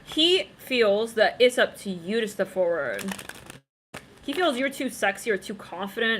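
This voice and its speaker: A woman's voice: mid-range voice, big pitch swings, unhurried, fairly bright tone, slight background noise. A woman doing a casual psychic tarot reading, rambling and chatty, talking straight to her viewers and humming snippets of song. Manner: rambling, laughs often, breaks into snippets of song; chatty, addresses viewers directly. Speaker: tarot reader.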